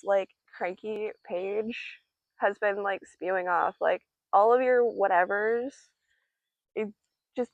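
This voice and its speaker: A woman's voice: mid-range voice, vocal fry, no room sound, highs cut off. A young woman giving a casual tarot reading, chatty and playful, with many fillers and giggles. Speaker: tarot reader.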